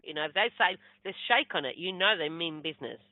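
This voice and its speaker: A woman speaking as a spiritual medium, telling a personal story in a lively way and acting out the voices of people she quotes. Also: lowish voice, fairly quick, no echo. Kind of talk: storytelling talk. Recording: tinny phone-like sound.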